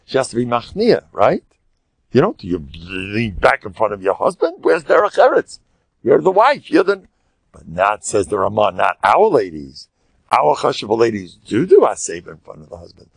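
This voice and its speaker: A man's voice: on the low side, sing-song, moderate pace, gravelly, no echo. An older man with an American accent, a rabbi giving a humorous lecture full of stories and Yiddish and Hebrew words, with a boastful, joking manner. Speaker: rabbi and spiritual mentor.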